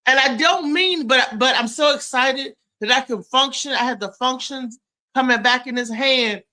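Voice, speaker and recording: A woman hosting a casual live-stream chat at home, animated, with loud exclamations. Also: high voice, normal speed. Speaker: host.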